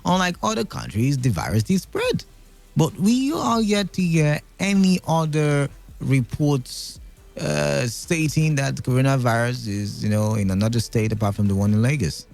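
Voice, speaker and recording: Animated Nigerian man hosting call-in radio. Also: medium pitch, normal speed, creaky. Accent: Nigerian English. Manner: animated, laughing, thinking aloud with frequent fillers. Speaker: radio talk show host.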